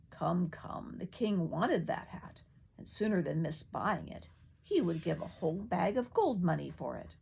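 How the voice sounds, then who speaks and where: An older woman reading a fairy tale aloud in a lively, expressive way. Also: mid-range voice, creaky, husky. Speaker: storyteller.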